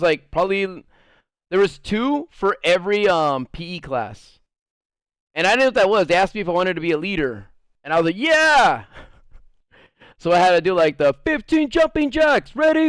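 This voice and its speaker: A man chatting on his stream, spinning a rambling story peppered with fillers and crude swearing. His voice sits a bit high and sounds smooth and clean. The sound is dry and close, with no room ring. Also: dry recording. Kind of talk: casual storytelling to a live chat.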